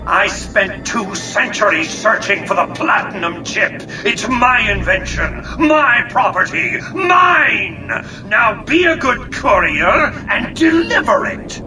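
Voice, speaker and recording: A man's voice: sits high, animated, slow pace, few pauses, shouting. A man voicing a cold, calculating, centuries-old male tycoon in video game dialogue, clipped and imperious. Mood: furious. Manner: clipped, imperious, coldly menacing. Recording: distant game clip with music behind.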